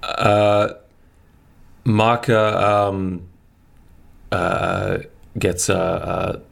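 A man playing a tabletop game, describing his item in halting talk that repeats words. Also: low voice, steady tone, creaky. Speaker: player.

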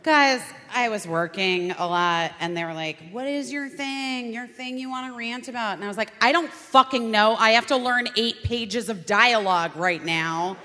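A woman, an actress guest on a talk show, giving a fiery, profane comic rant that breaks into shouting. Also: on the high side, moderate pace, few pauses. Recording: reverberant hall.

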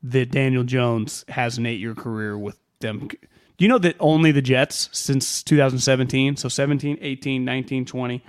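A man's voice: mid-range voice, fairly even intonation, smooth. Opinionated man in sports banter. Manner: rapid opinionated riffing with stats. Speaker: podcast co-host. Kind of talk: casual sports chat.

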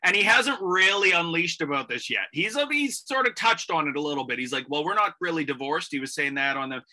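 A man hosting a comedy radio panel. He talks quickly, laughs often and steers the conversation. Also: on the high side, sing-song, bright, forceful tone. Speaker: radio comedy show host.

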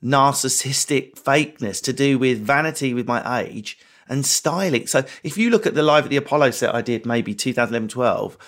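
A middle-aged man, a comedian guest, telling candid stories in an animated, quick, self-mocking way. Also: medium pitch. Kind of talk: candid interview storytelling. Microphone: remote interview mic.

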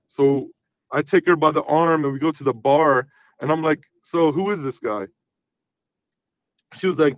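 A man's voice: on the high side, fairly quick, no room sound. Man, casual storytelling, profane, quotes himself, dry, muffled sound. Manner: profane, animated, acts out quoted dialogue. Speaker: podcast guest.

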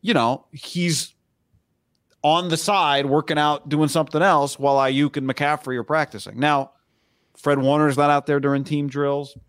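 Podcast guy breaking down practice news, steady analytical tone, dead dry mic. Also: a little high, smooth, dry recording. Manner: measured, analytical, interjects short agreements. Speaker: sports podcast co-host. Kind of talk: casual sports talk.

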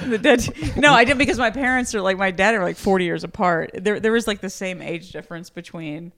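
A man's voice: high voice, brisk, bright, forceful tone. A man in his forties co-hosting a casual podcast chat, jumping in with quips. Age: 40s. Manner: chatty, jumps in with quips. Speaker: podcast co-host.

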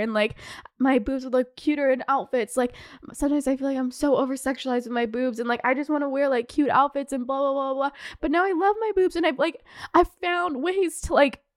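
Young woman, high voice, dry close sound, emotional casual rant, swears a lot, many fillers. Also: no echo. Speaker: podcast host.

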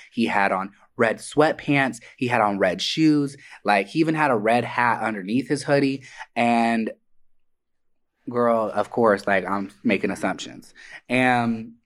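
Animated, profane young man telling stories. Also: medium pitch. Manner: animated, profane, dramatic quoted voices. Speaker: podcast guest telling stories. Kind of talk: casual storytelling. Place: Atlanta area.

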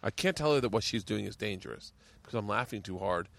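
A man's voice: fairly low pitch, animated, fast, creaky, no echo. A man hosting a podcast, telling casual stories, laughing easily and swearing now and then. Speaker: podcast host. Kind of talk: casual chat. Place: outdoors at home.

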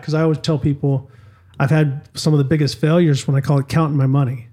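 A man's voice: fairly high pitch, flat delivery, quick pace, dark tone. A middle-aged man, a former motocross champion, telling stories casually in an interview, with frequent restarts and acted quotes. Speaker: podcast guest, former motocross and off-road truck champion.

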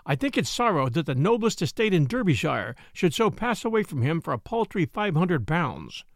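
A man's voice: on the high side, sing-song, moderate pace, dry recording, clean studio sound. A man voicing an earnest monk who pleads in a storybook reading. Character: pitying male monk, cellarer, earnest.

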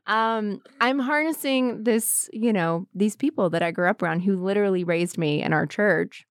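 A woman's voice: mid-range voice, normal speed, hardly any pauses, clear, resonant tone, no echo, clean studio sound. A woman with a slight Southern American accent co-hosting a casual podcast, telling stories with lots of laughter and restarts. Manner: giggly, animated storytelling with restarts. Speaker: podcast co-host. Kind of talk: casual chat.

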